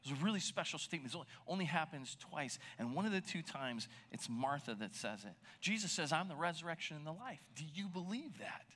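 Bright-voiced preacher, conversational and animated. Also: male voice, on the high side, a little fast, few pauses. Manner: conversational, animated, drops to a near whisper for emphasis. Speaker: pastor. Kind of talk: sermon.

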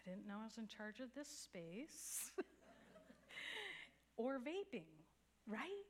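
A woman's voice: a little high, very animated, slow, pauses often, slightly rough. A woman pastor preaching a sermon, telling a story in an earnest, conversational way. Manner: earnest storytelling with a few soft laughs.

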